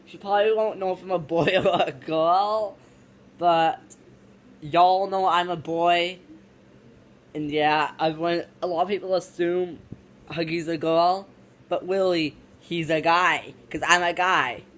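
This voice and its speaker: A woman's voice: lowish voice, steady tone, lightly acted. A woman voicing a rambling little toy monster. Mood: chatty. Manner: rambling, quick and offhand.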